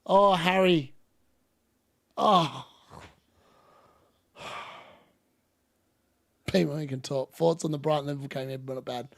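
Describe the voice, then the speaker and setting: A man hosting a live football watchalong, commenting on play and ranting opinions, getting excitable and yelling at chances. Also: medium pitch, a little slow, gravelly, long pauses, no room sound, clean studio sound. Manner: excitable, yells at chances on screen. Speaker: host of a fantasy football watchalong.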